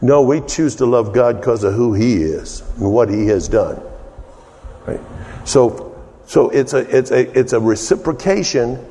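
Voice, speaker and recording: A man's voice: mid-range voice, unhurried, dark tone. A man preaching a teaching sermon in a folksy way, joking with the congregation and often repeating words as he restarts. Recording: long reverb of a hall.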